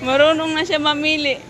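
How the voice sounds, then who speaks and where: Outdoors by a clinic, a young Filipino mother with a high voice vlogs casually alongside her children, coaxing and scolding her toddler in a mix of Tagalog and English. Noisy traffic and passing vehicles are heard in the background.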